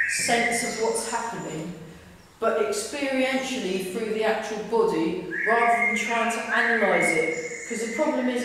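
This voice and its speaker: London woman tai chi teacher, talky and relaxed, distant mic in a reverberant hall. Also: a little high. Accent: London English. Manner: chatty, restarts sentences. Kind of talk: guiding a class through exercises. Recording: echoey hall, distant mic, loud background noise.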